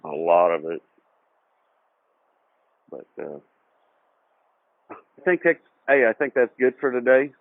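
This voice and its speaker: A middle-aged man telling childhood stories in a casual interview, animated, acting out voices and laughing as he goes. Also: medium pitch, slow pace, vocal fry, long pauses, dry recording. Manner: animated, acts out quoted voices, laughs through his own story. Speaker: guest. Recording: dry, tinny phone-like audio.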